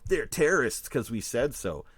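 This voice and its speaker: A man's voice: mid-range voice, big pitch swings, normal speed, a bit bright, slightly rough, no room sound. A man from Manitoba, Canada, a guest musician telling rambling stories in casual chat, laughing often.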